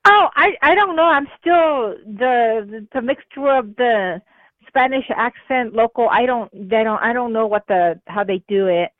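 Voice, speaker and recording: A woman from New Mexico calling into a talk show, talking in an excitable, scattered way. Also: a little high, measured pace, no room sound. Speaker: caller. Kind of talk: phone-in call. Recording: phone line.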